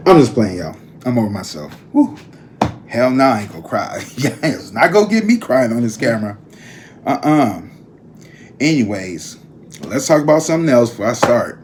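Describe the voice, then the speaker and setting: Man, vlog host, casual chat to camera, emphatic, mid pitch. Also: sing-song, normal speed, slight background noise. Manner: chatty, emphatic, addresses viewers as a group. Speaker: tarot reader and vlog host.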